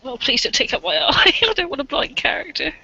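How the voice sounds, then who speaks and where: Bright sharp voice, tabletop rpg player, lots of ums, dry lo-fi recording. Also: high voice, expressive, a little fast, creaky. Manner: hesitant, with frequent ums. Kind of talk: casual tabletop role-play chat.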